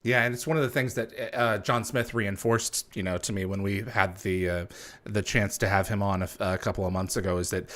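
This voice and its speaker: A man hosts a casual interview. His voice sits fairly low but sounds bright and forceful. He sets up his questions at length, in a conversational way. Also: fairly even intonation, brisk. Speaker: interview host.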